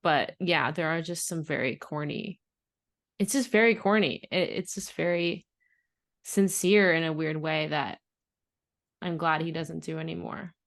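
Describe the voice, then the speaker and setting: A woman's voice: low-pitched, measured pace. A woman co-hosting a podcast in casual chat, giving frank opinions in a dry way. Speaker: podcast co-host.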